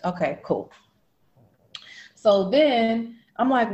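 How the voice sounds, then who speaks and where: A woman in casual chat, telling a long personal story with lively, cursing, raised-voice quotes of the people in it. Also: mid-range voice, slow pace, lo-fi sound. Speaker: storyteller guest.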